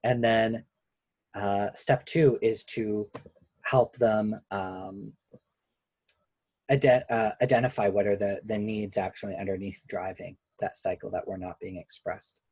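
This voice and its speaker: A man who is a couples therapist, giving a measured, explanatory webinar lecture and slowing down on key points. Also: lowish voice, steady tone, a little mellow, breathy edge, no room sound.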